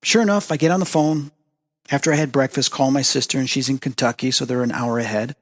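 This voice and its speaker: A man hosting a spiritual talk show, telling personal stories in an earnest, animated way and acting out the dialogue. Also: mid-range voice, fast talker, in a large hall. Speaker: host. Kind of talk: personal storytelling monologue.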